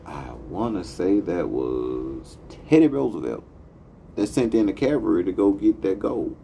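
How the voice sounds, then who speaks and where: Animated, heated man ranting as a host. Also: deep voice, unhurried, creaky, a little hiss or hum. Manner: profane, heated, emphatic. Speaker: podcast host. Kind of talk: impassioned monologue.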